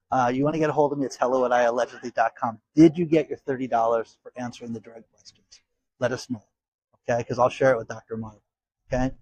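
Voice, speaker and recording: A man's voice: mid-range voice, a little mellow, no echo, poor audio. A man hosting a casual commentary vlog, talking straight to his viewers in a chatty way and laughing often. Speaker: host.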